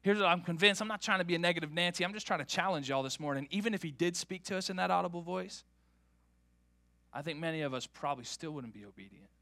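A man preaching a sermon to his church, animated and repeating words as he builds each point. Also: sits high, fast, no echo. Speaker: pastor.

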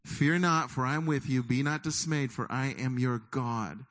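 A middle-aged man preaching a sermon, lively and conversational, often acting out the doubting voices of his listeners. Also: medium pitch, moderate pace. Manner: animated, acts out inner voices of listeners. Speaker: pastor.

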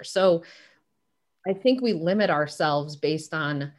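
A woman's voice: low-pitched, slow pace. A middle-aged woman, a business coach, speaking with emphatic energy as a podcast interview guest. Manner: energetic, emphatic, acts out quotes.

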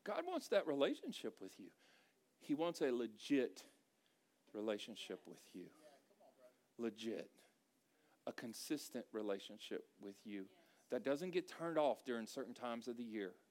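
A man's voice: medium pitch, sing-song, moderate pace, a little mellow. A man preaching a sermon to a congregation in a church, with a conversational style and emphatic repeated phrases. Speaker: pastor.

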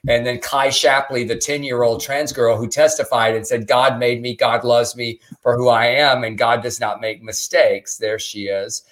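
A man co-hosting a casual news podcast, easygoing and quick to agree. His voice sits at a middle pitch, and he talks in a plain, conversational way. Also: poor audio. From Texas. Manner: relaxed, quick to agree, chimes in. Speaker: podcast co-host.

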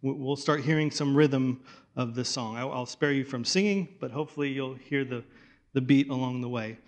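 A man preaching a sermon in a conversational way, restarting phrases and dropping to a hush for weight. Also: mid-range voice, normal speed. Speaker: pastor.

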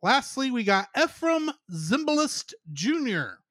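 A man's voice: very high-pitched, very animated, a little slow, fairly bright tone, no room sound, clean studio sound. A man co-hosting a casual podcast review, chatty and giggling often as he runs through the cast. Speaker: podcast co-host.

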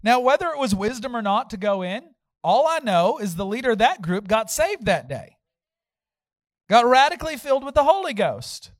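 A male pastor preaching a sermon, telling a story and acting out the quotes with sudden shouts. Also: extremely high pitch, sing-song, moderate pace, no echo, low-quality recording.

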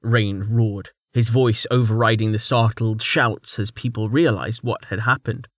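A man narrating a fantasy webnovel as an audiobook with a steady storytelling delivery on a close mic. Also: on the low side, moderate pace, hardly any pauses, no echo. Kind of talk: scripted narration.

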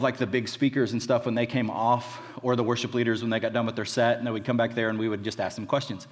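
A man, a college pastor, giving a conversational sermon full of fillers and restarts. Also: mid-range voice. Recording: reverberant hall.

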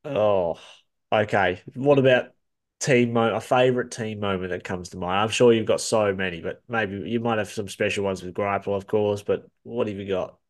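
A man, a podcast host asking relaxed, encouraging interview questions. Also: lowish voice, normal speed. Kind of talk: casual interview.

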